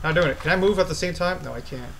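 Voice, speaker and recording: Man, fairly high voice, horror let's play host, jumpy and foul-mouthed, faint hum behind. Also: fast, vocal fry, low-quality recording. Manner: jumpy, swears a lot, yells at the monster. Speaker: gaming channel host.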